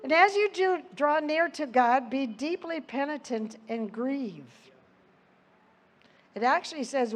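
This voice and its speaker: A woman's voice: high-pitched, normal speed. A woman giving an earnest Bible teaching, reading scripture aloud with her own asides. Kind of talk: sermon.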